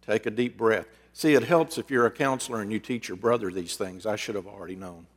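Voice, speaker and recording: A man's voice: lowish voice, fast, breathy edge. Earnest preacher man in a reverberant hall. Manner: earnest, conversational, with dramatic swings in loudness. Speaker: preacher and counselor. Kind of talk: storytelling sermon. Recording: long reverb in a large hall.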